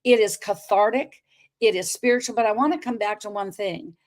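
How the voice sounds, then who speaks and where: A medium-pitched woman tells her story briskly as a guest on a talk show. Expressive throughout, she acts out quoted dialogue and turns to talk to the listeners.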